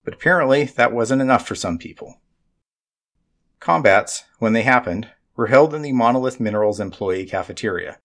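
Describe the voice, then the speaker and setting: A man narrating an audiobook in a measured, dry way. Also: mid-range voice, expressive, a bit bright.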